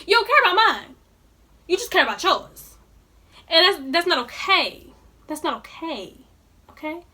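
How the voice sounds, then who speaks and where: A woman's voice: very high-pitched, big pitch swings, normal speed, sharp tone. A young woman telling a storytime vlog in colloquial speech, indignantly ranting straight to her viewers. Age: young adult. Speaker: vlogger.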